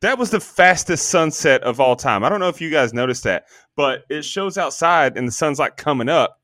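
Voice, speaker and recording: A podcast co-host chats casually about a movie, joking, rambling and swearing freely. His fairly high voice is expressive and a bit bright at normal speed, captured with clean studio sound and no room sound.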